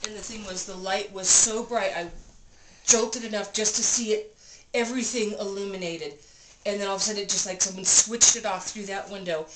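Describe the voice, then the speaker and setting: A woman vlogger in a cabin room, telling a personal story in an animated, breathless way and repeating phrases for emphasis. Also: medium pitch, brisk. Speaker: vlogger recounting an experience. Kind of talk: casual storytelling. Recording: roomy room with clear background noise.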